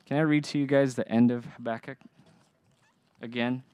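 A man's voice: medium pitch, steady tone, moderate pace, smooth, no room sound, highs cut off. A young adult man preaching a sermon, earnest and emphatic, asking the congregation to respond. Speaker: pastor.

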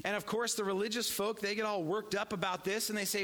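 Male pastor, slightly higher register, earnest emphatic sermon delivery. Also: little pitch movement, fast talker, big-room sound. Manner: earnest, emphatic preaching, swings between hushed and raised.

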